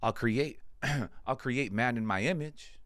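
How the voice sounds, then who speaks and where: A man's voice: mid-range voice, slow pace, a bit bright, no room sound. A man voicing a bored God in heaven, whining in casual slang.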